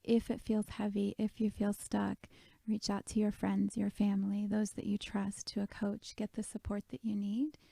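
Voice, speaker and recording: A woman leading a guided meditation, speaking softly and gently, often half-whispered. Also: mid-range voice, level tone, moderate pace, gravelly, few pauses, no room sound.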